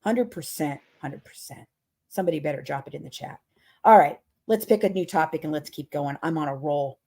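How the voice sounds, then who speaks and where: Profane, dramatic woman podcast host, low voice. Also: fast talker, dark tone, husky. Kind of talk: casual storytelling rant.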